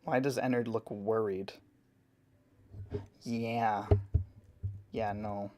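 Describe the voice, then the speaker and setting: A man casually answering chat questions while drawing on a live stream, relaxed and chatty. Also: lowish voice, drawn-out words.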